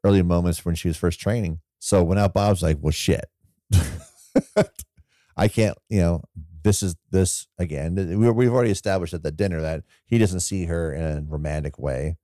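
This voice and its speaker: A man with a very low, mellow voice talks through a movie in loose, rambling podcast chat. He retells scenes with quoted asides and laughs, recorded close and dry. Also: normal speed, dry recording. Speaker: podcast co-host. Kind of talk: casual film discussion.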